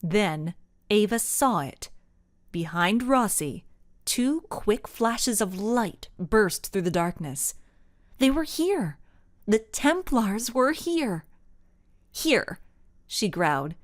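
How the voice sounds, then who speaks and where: A woman narrates a children's mystery story with expressive, storytelling delivery. Her pace is slow and unhurried while her pitch moves lively through each sentence. The recording is dry and close, with no room sound. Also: no room sound. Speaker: audiobook narrator. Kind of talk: scripted narration.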